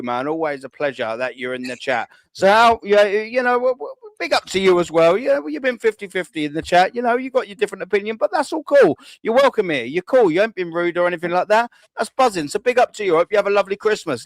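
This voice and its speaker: A rowdy man hosts a live stream, swearing cheerfully as he fires off shout-outs. His voice sits a little high for a man, and it comes through close and dry with no room echo. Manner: loud and boisterous, swearing freely. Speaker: host of a live fan show.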